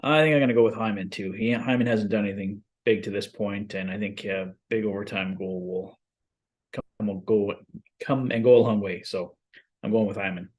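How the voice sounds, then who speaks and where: A man's voice: lowish voice, fairly even intonation, normal speed, darkish tone, slightly rough. A man co-hosting a fan watch stream, casually reading out viewers' picks and chatting about the game.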